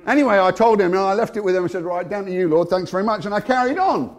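A British man giving a testimony sermon, storytelling with energy and laughing often, swinging between hushed and loud. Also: sits high, quick pace, hardly any pauses. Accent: British English. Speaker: Christian speaker.

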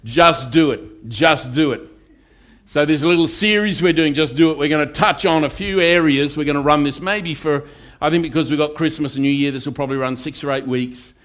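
A man's voice: fairly high pitch, steady tone, fast talker, a bit bright. A pastor preaching a conversational sermon to his congregation and asking them for amens. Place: church.

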